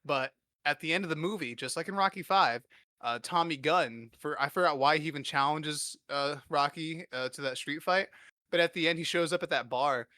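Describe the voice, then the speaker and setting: A man's voice: fairly high pitch, normal speed, pushed and bright, dry recording, studio quality. A young man hosting a podcast, riffing crude comedy in a rambling, filler-heavy way. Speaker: podcast host.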